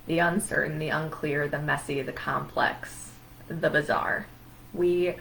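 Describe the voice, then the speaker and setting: A woman's voice: deep voice, gravelly, a bit bright, a little hiss or hum, poor audio. A woman therapist giving an educational talk on anxiety, speaking emphatically and listing words in rhythmic runs.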